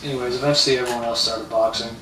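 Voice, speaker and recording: A man's voice: medium pitch, fairly even intonation, racing, background noise. A man live streaming, telling a rambling, profane story and repeating himself as he talks. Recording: roomy, distant mic, faint ambience.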